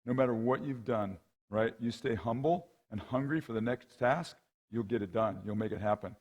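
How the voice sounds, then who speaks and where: At a moderate pace and in a mid-range voice, a middle-aged rowing coach gives a storytelling talk as guest speaker at a men's conference. He's lively and conversational, voicing the people in his anecdotes and checking in often with "right?" and "okay?".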